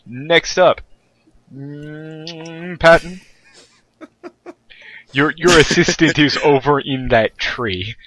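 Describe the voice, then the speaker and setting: Bright-voiced man running a tabletop game. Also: a little high, slow, long pauses, dry recording, low-quality recording. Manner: laughs often, relaxed joking narration. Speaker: game master.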